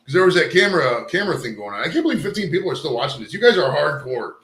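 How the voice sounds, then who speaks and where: A man's voice: fairly high pitch, very animated, rapid-fire, fairly bright tone, a little hiss or hum. Profane rambling man hosting live. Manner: profane, rambling, fixes gear on air. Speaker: live show host. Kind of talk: casual live-stream chat. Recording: roomy echo.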